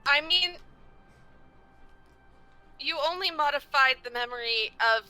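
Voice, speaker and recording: A woman's voice: high-pitched, unhurried, pushed and bright, faint music behind. A woman playing a tabletop game, crude and blunt in a joking way. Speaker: player. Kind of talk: in-character tabletop role-play.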